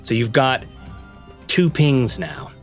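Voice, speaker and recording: A man's voice: mid-range voice, slow, vocal fry, faint music behind. A man running a tabletop game as game master, narrating in a rambling, playful way and often correcting himself.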